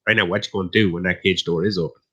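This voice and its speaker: A man's voice: low-pitched, fairly even intonation, very fast, a bit bright, slightly rough, dull audio. An Irish man co-hosting a live stream, rambling and teasing in casual, profane banter. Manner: teasing, rambling, swears often. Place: live online stream panel.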